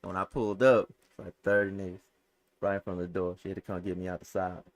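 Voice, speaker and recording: A man's voice: low-pitched, little pitch movement, fast talker, dry recording. A man hosting a casual podcast, telling a story bluntly and laughing along. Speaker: podcast host.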